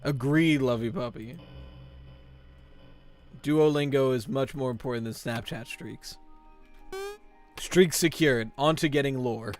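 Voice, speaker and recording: A young man live-streaming a horror game, chatting with viewers and telling groaner puns in an excitable, joking way. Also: mid-range voice, faint music behind. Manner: excitable, quick yelps of frustration. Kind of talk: live-stream gameplay chat.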